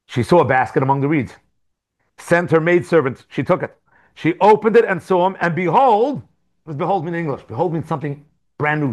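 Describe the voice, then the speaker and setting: Guy teaching a talmud class, slightly high voice, animated and chatty, lots of side stories. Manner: animated storytelling with asides. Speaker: Torah teacher.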